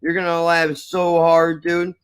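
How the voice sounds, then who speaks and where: A man's voice: on the high side, completely flat delivery, unhurried, smooth. A man hosting a podcast, rambling and joking with heavy swearing. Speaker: podcast host. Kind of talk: casual podcast banter.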